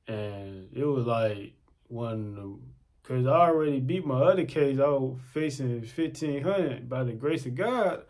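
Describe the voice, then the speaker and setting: A man's voice: medium pitch, a little slow. A young man telling a personal story in casual, slangy talk, often repeating his phrases. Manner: animated, slangy, repeats himself.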